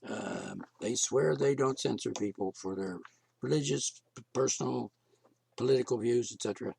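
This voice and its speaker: A man's voice: medium pitch, moderate pace, creaky, darkish tone, breathy edge, no echo. A man hosting his own podcast, talking alone in a blunt, profane, ranting way, and losing his voice. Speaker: podcast host. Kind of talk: casual solo podcast monologue.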